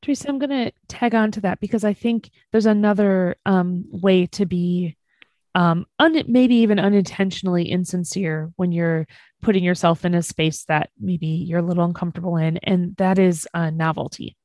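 A woman co-hosting a discussion, explaining her points in a measured way. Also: lowish voice, fairly even intonation, a little mellow, dry recording. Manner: measured, explanatory, light fillers. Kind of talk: conversational discussion.

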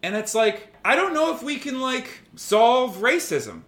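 A man's voice: extremely high pitch, very animated, unhurried, a bit bright, roomy sound. A man co-hosting a podcast, arguing heatedly and mocking online trolls with put-on voices. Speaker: podcast co-host. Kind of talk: heated casual debate.

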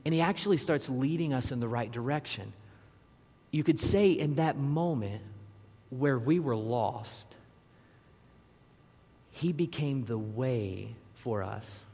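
A man's voice: mid-range voice, takes it slowly, creaky, pauses often, warm tone. A man, a pastor, delivering a conversational sermon and turning now and then to speak directly to the congregation. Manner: conversational preaching with asides to the audience. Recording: long reverb of a large hall.

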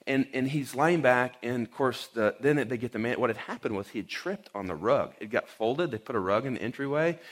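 A man preaching in a relaxed, chatty way, telling a story with plenty of "um"s and little acted-out lines. His voice sits at an ordinary middle pitch. He sounds like a pastor talking to his congregation rather than reading. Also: brisk, few pauses. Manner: casual storytelling with fillers and acted quotes. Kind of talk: conversational sermon with personal story.

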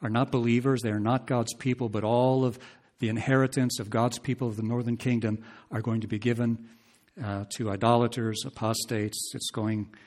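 A man's voice: medium pitch, flat delivery, normal speed, darkish tone. A man preaching an expository sermon, talking conversationally, asking his listeners questions and reading scripture aloud with rising emphasis.

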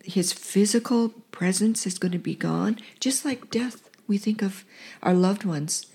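A woman's voice: mid-range voice, measured pace, mellow, husky. A woman co-hosting a Bible teaching program, earnestly reading verses aloud and then explaining them in plain words.

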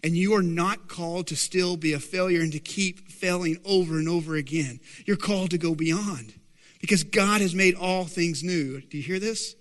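A man preaching a sermon as pastor, animated and often asking the congregation questions. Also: high voice, normal speed, in a large hall.

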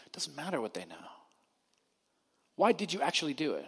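A man preaching a sermon in a conversational way, his voice rising to loud emphasis and then dropping to a hushed quiet. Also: a little high, very animated, brisk, creaky, breathy edge. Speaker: pastor. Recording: long hall reverb.

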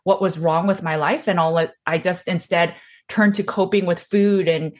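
Woman, podcast host, fairly low voice, reflective, personal. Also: fairly even intonation, moderate pace. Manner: reflective, personal, occasional laughs. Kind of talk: casual interview talk.

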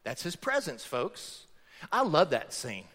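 Animated preacher, high lively voice. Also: male voice, slow pace. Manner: animated preaching, acts out quotes. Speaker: pastor. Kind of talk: sermon. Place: church sanctuary. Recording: church hall reverb.

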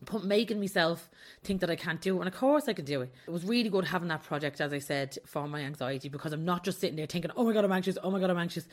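A young adult woman hosting her own podcast, talking candidly and confessionally in a casual way and often laughing mid-sentence. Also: deep voice. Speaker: podcast host. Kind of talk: casual solo podcast talk.

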